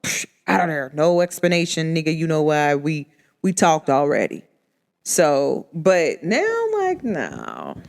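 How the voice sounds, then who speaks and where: Woman podcast host, casual monologue, very lively pitch, acts out the people she quotes. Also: a little slow.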